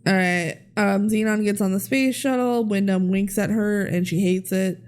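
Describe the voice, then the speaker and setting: A woman's voice: medium pitch, steady tone, moderate pace, darkish tone, smooth. A woman co-hosting a podcast, recapping a movie in casual chat, laughing often and swearing freely. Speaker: podcast co-host.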